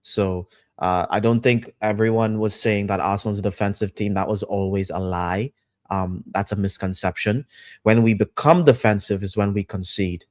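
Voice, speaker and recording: A man's voice: fairly low pitch, steady tone, normal speed, darkish tone, no echo, studio quality. A man on a podcast panel, talking football in a casual, emphatic way, repeating his points with lots of fillers.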